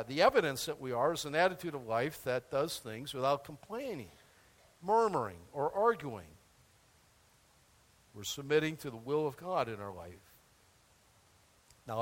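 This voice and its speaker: A man's voice: on the high side, in a large hall. An older man preaching a sermon in a folksy, emphatic way, with asides and chuckles. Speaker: pastor.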